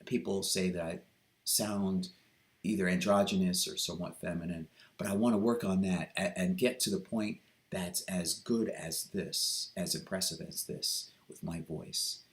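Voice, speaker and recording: Low voiced guy rambling earnestly in a personal vlog, lots of um and uh, restarts. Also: fairly even intonation, measured pace. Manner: hesitant, many ums and restarts. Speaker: vlogger.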